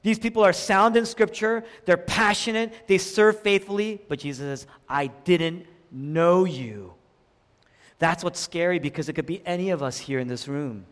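A man preaching a sermon, dramatic, swinging between loud emphatic lines and hushed low ones. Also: fairly even intonation, brisk, hardly any pauses. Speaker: pastor. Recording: long hall reverb.

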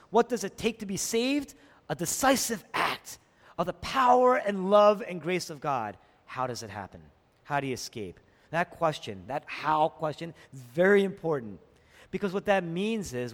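A male pastor delivers a sermon in a long-reverb hall. His voice sits a bit high and swings widely, pressing rhetorical questions and climbing to emphatic peaks before dropping low.

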